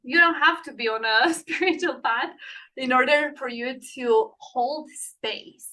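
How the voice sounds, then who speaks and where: A woman guest in a casual conversation, talking in an earnest, encouraging way and going soft when she voices comforting words. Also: sits high, unhurried, low-quality recording.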